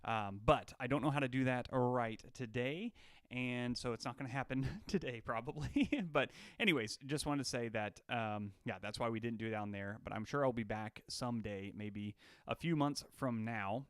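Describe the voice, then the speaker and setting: A man's voice: mid-range voice, moderate pace, clear, resonant tone, no room sound, studio quality. A young man from Alaska hosting a casual livestream, chatty and jokey, greeting viewers by name. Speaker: livestream host. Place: on his home deck.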